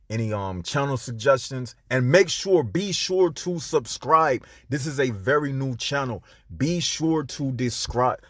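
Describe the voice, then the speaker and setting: A man hosting his own commentary channel, preaching in an emphatic, scornful way, dropping into a low drawl and then jumping up into sharp outbursts, stretching out stressed words. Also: dry recording, clean studio sound. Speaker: channel host.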